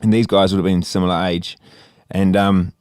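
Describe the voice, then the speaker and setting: A man's voice: low-pitched, level tone, moderate pace, darkish tone, clean tone, no room sound, clean studio sound. A young Australian man telling a long story in casual podcast chat, rambling, laughing and swearing freely. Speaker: podcast co-host.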